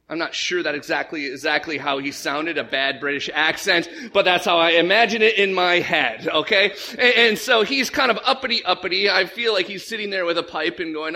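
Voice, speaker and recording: Animated male pastor preaching, high-pitched voice, repeats himself when he starts a sentence. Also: moderate pace. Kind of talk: sermon.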